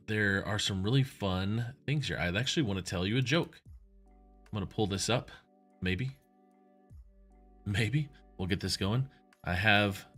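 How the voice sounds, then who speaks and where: A man's voice: lowish voice, sharp tone. A man hosting a livestream show, talking in a rambling, chatty way and often correcting himself. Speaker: livestream host. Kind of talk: casual livestream talk.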